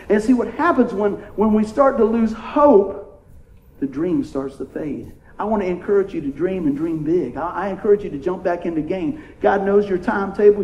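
A man's voice: sits high, darkish tone, roomy sound, muffled recording. A man preaching a sermon, playful and conversational, asking the congregation "amen?" as he goes. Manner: playful, call-and-response preaching with frequent "amen?". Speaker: pastor.

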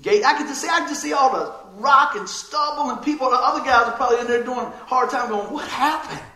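A man preaching a sermon as pastor, lively and often laughing as he acts out little scenes. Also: very high-pitched, fast. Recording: roomy echoing hall sound.

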